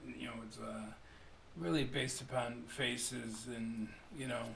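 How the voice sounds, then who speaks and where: A man with a gravelly, fry-laden voice talks casually as a radio guest, wandering through his answers with plenty of fillers. He sounds set back from the microphone in an echoey room, with a faint hum behind him. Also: medium pitch, slow pace. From United States. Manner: rambling, lots of fillers, animated when telling stories. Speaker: street artist guest. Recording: roomy, distant mic, faint hum.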